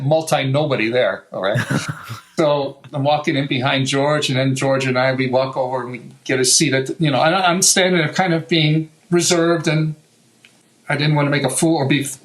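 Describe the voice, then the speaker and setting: A middle-aged guitar maker, a man, telling lively stories in an interview, acting out what others said and laughing often. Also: fairly high pitch, normal speed, low-quality recording. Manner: animated anecdotal telling, acts out quoted voices, laughs often. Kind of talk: storytelling interview.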